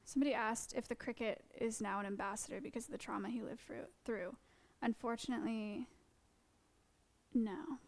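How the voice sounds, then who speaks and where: A woman wildlife educator talking fast, with many fillers, in a casual live-stream presentation. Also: a little high, steady tone, a little mellow.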